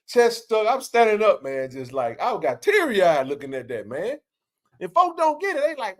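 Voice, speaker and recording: A man hosting a casual live sports chat, animated and preachy, swearing freely and climbing toward a shout. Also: high voice, normal speed. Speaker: show host.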